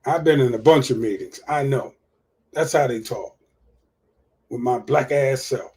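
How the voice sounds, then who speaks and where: A man's voice: medium pitch, measured pace, pauses often, a little mellow. A man hosting a livestream of casual political commentary, profane and repeating his points for emphasis. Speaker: livestream host.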